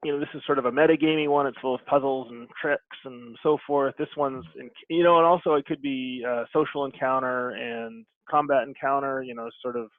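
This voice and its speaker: A man, a game publisher, talking casually on a video call in a thoughtful, rambling way with many pauses. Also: mid-range voice, steady tone, dry recording. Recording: phone-like thin audio.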